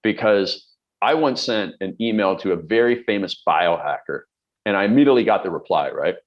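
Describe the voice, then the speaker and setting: A middle-aged man gives productivity coaching straight to camera, speaking bluntly and emphatically and drawing on everyday examples. His voice is low, expressive and brisk, and the recording has its highs cut off.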